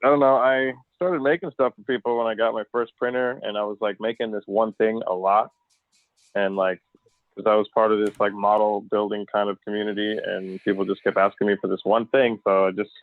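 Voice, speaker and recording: A man's voice: fairly low pitch, fairly even intonation, fairly quick, dry recording. A man joining a podcast as a guest over a remote call, chatting casually in a loose, rambling way and swearing freely. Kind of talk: casual chat. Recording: tinny phone-like call line.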